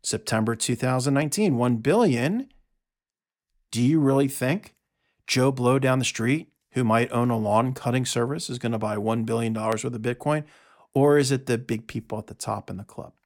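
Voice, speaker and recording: A man hosting a solo audio monologue from his notes, talking in an emphatic, sarcastic way with quick asides. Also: mid-range voice. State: out of breath. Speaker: podcast host.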